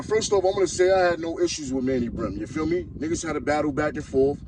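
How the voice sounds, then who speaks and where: A man's voice: on the high side, fast, few pauses, darkish tone, a little hiss or hum, low-quality recording. A man from Harlem, hosting a podcast and delivering a blunt, mocking rant. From Harlem, New York. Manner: blunt, mocking, heated street talk. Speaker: podcast host. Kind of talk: ranting commentary.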